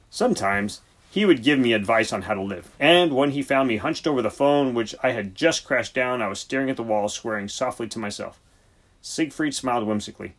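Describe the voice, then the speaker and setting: Husky male audiobook narrator. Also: medium pitch, brisk, a bit bright. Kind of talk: scripted narration.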